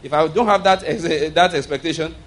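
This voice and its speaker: Man preaching, slightly higher voice. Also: fairly quick. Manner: explanatory, checks in with listeners. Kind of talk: sermon teaching.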